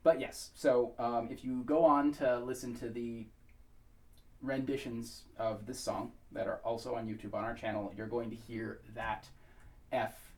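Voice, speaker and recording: An American man giving a relaxed spoken pronunciation tutorial. He talks thoughtfully, with many pauses and fillers, and now and then sings short syllables to demonstrate. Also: mid-range voice, far from the mic. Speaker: pronunciation instructor.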